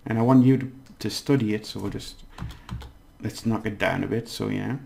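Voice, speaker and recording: A man giving a casual Spanish lesson, patiently repeating words slowly syllable by syllable. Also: fairly low pitch, steady tone, creaky, darkish tone, a little hiss or hum. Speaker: Spanish language teacher. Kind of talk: casual spoken language lesson.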